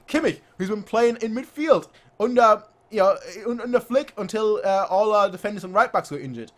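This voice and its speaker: Excitable man with a lively high voice. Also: a little fast. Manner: excitable, repeats phrases, laughs often. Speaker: football fan channel host. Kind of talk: animated post-match reaction vlog.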